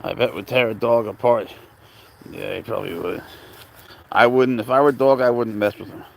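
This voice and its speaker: A man's voice: lowish voice, normal speed, gravelly, a little hiss or hum. A man rambling casually on a live stream from an outdoor park, greeting viewers and talking to his cat through a handheld phone. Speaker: livestream host.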